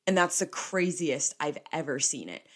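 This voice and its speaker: Young girl podcaster, low-ish voice, chatty and emphatic, ranting about stuff. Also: very animated, moderate pace, fairly bright tone. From New Jersey. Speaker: podcast host. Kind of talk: casual solo podcast chat.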